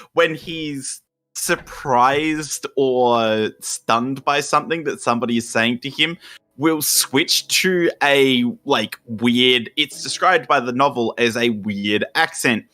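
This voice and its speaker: A man's voice: mid-range voice, slow pace, pushed and bright. A young Australian man co-hosting a podcast, ranting and explaining at length, with plenty of swearing. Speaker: podcast co-host. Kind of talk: casual chat.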